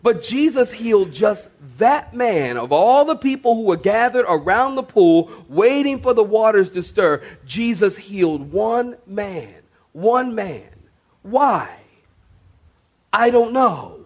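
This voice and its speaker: A middle-aged man preaching a sermon as pastor, swinging from loud to hushed and repeating phrases for emphasis. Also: high voice, very animated, slow pace.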